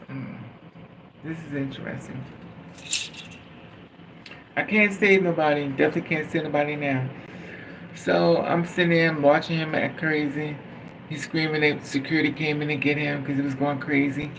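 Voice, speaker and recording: A man's voice: a little high, normal speed, long pauses, noisy background. A man telling a personal story in a casual, rambling way, swearing freely and laughing at his own telling. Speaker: storytime vlogger.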